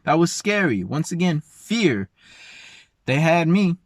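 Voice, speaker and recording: A young man casually telling a personal story in an emotional, animated way with slangy, informal speech. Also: fairly high pitch, slow pace, dry recording, studio quality.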